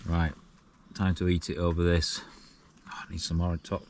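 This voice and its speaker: A Yorkshire man vlogs casually from inside a small tent on a wild camping trip, chatty and self-mocking, chuckling often. His low voice is sing-song and darkish in tone, with a measured pace and long pauses.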